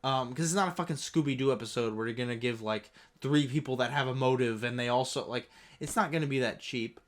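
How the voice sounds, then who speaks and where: A man's voice: medium pitch, fast talker. Casual swearing young man. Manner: swears often, laughing asides. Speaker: podcast co-host. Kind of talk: casual chat.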